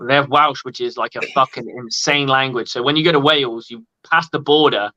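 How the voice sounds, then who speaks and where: A man's voice: mid-range voice, fairly even intonation, brisk, sharp tone, no echo, highs cut off. A man, a guest chatting casually, telling stories and swearing freely. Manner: laid-back, swears freely, storytelling. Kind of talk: casual chat. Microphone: video call.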